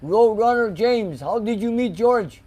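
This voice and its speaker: A man with a somewhat high voice hosts a casual live stream from his garage. He reads viewer comments aloud one after another, chatting loosely about each, and now and then slips into Greek phrases. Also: expressive, unhurried, warm tone, muffled recording. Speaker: host reading live chat. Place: car garage shop.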